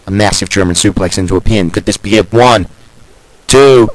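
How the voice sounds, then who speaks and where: A man's voice: low voice, little pitch movement, fast talker, poor audio. A man commentating on a video game wrestling show as host, in a chatty, rambling way full of asides.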